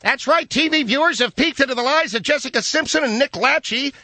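A man voicing a loud, ranting sportscaster on a comedy radio show, shouting his complaints. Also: very high voice, brisk, slight background noise, pitched above the performer's own voice, full character voice. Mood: sarcastic.

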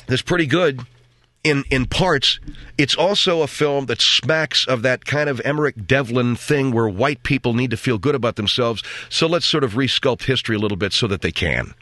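A man's voice: medium pitch, sharp tone, no echo. A man hosting a talk show, delivering a sarcastic, rambling opinion monologue.

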